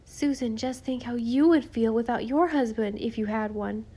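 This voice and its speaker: A woman voicing an anxious, tender-hearted young boy in an audiobook, talking earnestly in worried, breathy half-whispers. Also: fairly high pitch, normal speed, dark tone, lightly acted. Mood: desperate. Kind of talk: audiobook character voice.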